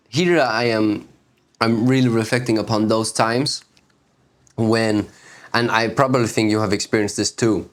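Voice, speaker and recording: A man hosting a spiritual video series, giving an unhurried reflective talk that repeats phrases and asks rhetorical questions. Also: mid-range voice.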